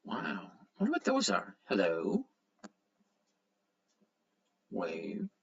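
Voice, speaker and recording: Male livestream host, casual and lively, reads out chat, dull low-fi sound. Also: extremely slow, creaky. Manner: chatty, greets viewers by name, reads comments aloud. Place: at home.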